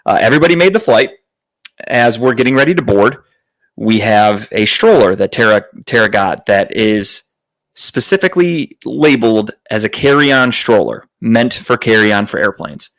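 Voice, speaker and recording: A man's voice: fairly low pitch, lively intonation, moderate pace, fairly bright tone, low-quality recording. A man hosting a podcast, telling a story in a casual way. He curses a lot, sounds exasperated, and acts out other people's lines in a raised voice. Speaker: podcast host.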